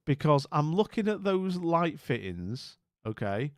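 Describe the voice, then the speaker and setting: A man's voice: a little high, very animated, measured pace, dry recording, clean studio sound. A man streaming casually, rambling and bemused as he talks to viewers, with many restarts and asides. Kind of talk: casual live-stream commentary.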